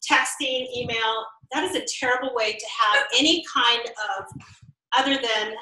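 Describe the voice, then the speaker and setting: Bright high-voiced woman trainer, roomy echo. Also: moderate pace. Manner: upbeat, laughing, acts out text tones. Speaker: trainer leading a workshop. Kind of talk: interactive training talk. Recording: roomy echo, distant mic.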